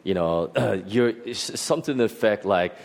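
A middle-aged pastor telling a personal testimony in a sermon, animated and full of restarts and fillers. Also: male voice, on the low side, moderate pace, vocal fry.

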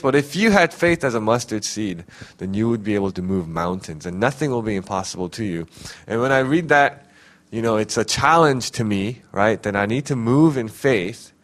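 A man preaching in a relaxed, conversational way, with plenty of "you know" and "like." His voice sits at an ordinary middle pitch, and he grows animated whenever he quotes someone. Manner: conversational, many fillers, animated when quoting. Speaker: pastor. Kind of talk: informal sermon.

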